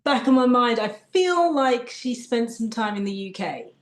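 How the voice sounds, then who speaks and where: A woman's voice: a little high, animated, moderate pace, roomy sound. A woman with a British accent, an actress guest chatting thoughtfully in an interview and laughing often. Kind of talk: casual interview chat.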